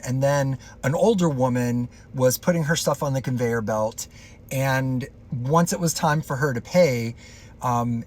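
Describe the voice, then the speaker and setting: Husky-voiced man telling a story. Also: mid-range voice. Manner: chatty, loose retelling with filler words. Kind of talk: casual storytime.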